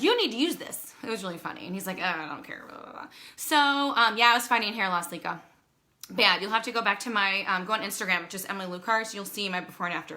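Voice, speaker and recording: A woman in her thirties telling her own story into her phone, chatty and animated, acting out quoted dialogue and fighting back tears. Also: medium pitch. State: emotional, holding back tears. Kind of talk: casual personal storytelling to a phone camera.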